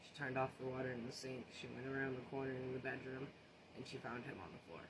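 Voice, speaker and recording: A social media storyteller with a medium-pitched, fairly even voice talks fast as he casually recounts a personal story. Earnest and shaken, he often restarts and repeats phrases, with noticeable background noise behind him.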